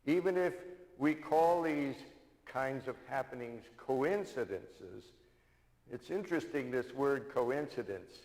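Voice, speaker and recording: An older male minister preaches in an easy storytelling way, repeating his main points for weight. His voice sits at an everyday pitch and carries a long hall reverb around it. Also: expressive, a little slow, darkish tone. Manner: storytelling, repeats key lines for emphasis. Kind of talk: sermon.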